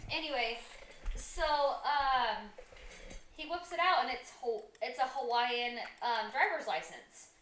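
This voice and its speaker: A woman's voice: on the high side, lively intonation, unhurried, background noise. A young woman on a home livestream, telling a rambling story with many ums and reading out chat comments. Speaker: co-host of a livestream. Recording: echoey room.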